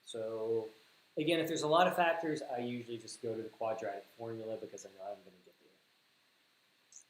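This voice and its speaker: A man's voice: mid-range voice, fairly even intonation, fast talker. A man with a Southern US accent teaching algebra on a livestream, thinking aloud, correcting himself and repeating words for emphasis. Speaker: math teacher. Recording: echoey room with faint hiss.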